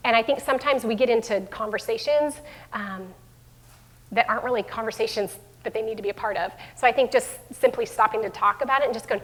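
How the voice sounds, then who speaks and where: A middle-aged woman speaks to a room of parents in a chatty, unscripted way, full of fillers and self-corrections. Her voice sits a little high. The sound carries a long hall reverb. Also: quick pace. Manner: warm conversational speaker with many fillers and restarts. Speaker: school division head giving a parenting talk. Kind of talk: live presentation to parents. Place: room with an audience.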